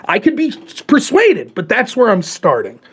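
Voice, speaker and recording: Animated profane man arguing politics. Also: high-pitched, moderate pace, husky. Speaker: podcast host. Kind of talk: casual political chat.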